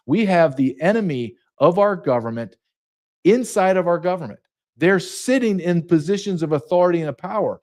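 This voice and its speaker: A man's voice: on the high side, a little mellow. A middle-aged man, a retired border patrol agent, telling a story as a podcast guest, indignant and emphatic. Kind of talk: heated podcast interview.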